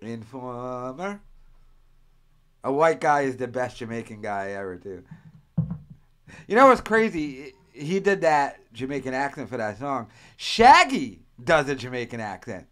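A man's voice: mid-range voice, very animated, normal speed, fairly bright tone. A man from the United States hosting a casual podcast, rambling and profane, often slipping into mock accents as he riffs. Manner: profane, rambling, mimics accents mid-story. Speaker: podcast host. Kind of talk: casual crude podcast banter.

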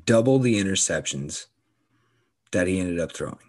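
A man with a fairly low voice trades jabs with his co-host on a casual sports podcast. He talks in an animated, profane way, and his pitch leaps up when something excites him. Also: normal speed.

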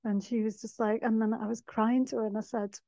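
A woman hosting a podcast, talking in a heartfelt, soft-spoken way and laughing often. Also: on the high side, level tone, brisk, no echo. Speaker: podcast host. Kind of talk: reflective spiritual monologue. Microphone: no microphone. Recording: dull dry sound, no microphone.

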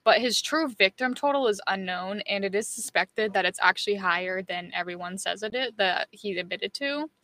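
A young British woman hosting a casual podcast, rambling and giggly with lots of ums, her voice going a bit hoarse. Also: medium pitch, normal speed, few pauses, pushed and bright. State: losing her voice. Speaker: podcast host. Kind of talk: casual chat, reading notes.

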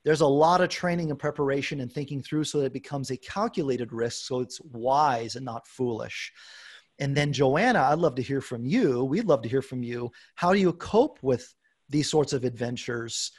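A man in his forties hosting a podcast, telling a self-deprecating story in a lively way. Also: mid-range voice, normal speed. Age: 40s. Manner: animated storyteller, self-deprecating, acts out quoted dialogue. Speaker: podcast host. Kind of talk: casual podcast chat.

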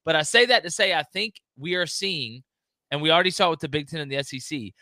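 Opinionated man with a bright, dry voice. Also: on the high side, fast, no echo. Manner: opinionated, mocks others in exaggerated voices. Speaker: guest commentator. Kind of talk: casual sports talk.

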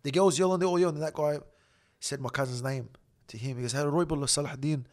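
A middle-aged Australian man telling a story as a podcast guest, blunt and animated, swearing heavily. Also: medium pitch, quick pace.

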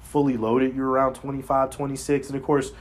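A man talking in a casual chat, blunt and profane, telling animated stories as a podcast host. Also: medium pitch, a little fast.

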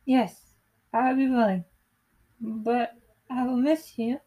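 Eager thirteen-year-old ballerina, bright and sweet, read by a woman in her own higher voice. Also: fairly even intonation, slow pace.

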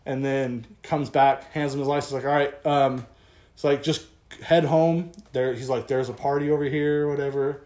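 A man's voice: mid-range voice, a little fast. A young man co-hosting a podcast, telling a story in casual chat and acting out the voices of the people in it. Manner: animated, swearing, acts out quotes. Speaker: podcast co-host. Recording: echoey room.

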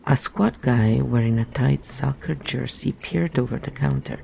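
A man's voice: mid-range voice, normal speed, gravelly, mellow, a little hiss or hum. A man reading a book aloud and breaking off into rambling, musing asides. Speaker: reader.

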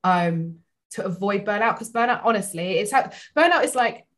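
A woman talking openly as a podcast guest, animated, with lots of "like" and "you know," her voice climbing higher when she is moved. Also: moderate pace. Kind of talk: casual heartfelt chat.

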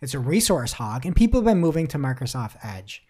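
A lively woman co-hosting a marketing podcast in loose, chatty banter. Her pitch swings widely from phrase to phrase, and she slips into playful mock voices when she reads quotes aloud. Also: a little fast, breathy edge. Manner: animated, laughing, mock voices when quoting. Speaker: podcast co-host. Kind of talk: casual chat about search marketing news.

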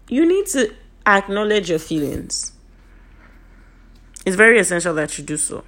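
Her voice a bit off today, a woman from Nigeria delivers an earnest, emphatic motivational talk to viewers and repeats her main points. She speaks at normal speed in a mid-range, slightly bright voice with big pitch swings and frequent pauses.

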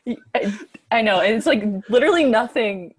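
A woman's voice: on the high side, expressive, fairly quick, husky. A young woman, a podcast guest, chatting casually with short reactions and questions. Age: young adult. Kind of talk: casual chat.

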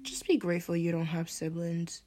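A woman's voice: fairly low pitch, expressive, normal speed, a crowd in the background. A young woman, venting and swearing as she hosts a podcast. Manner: exasperated ranting, swearing. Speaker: podcast host. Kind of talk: venting monologue.

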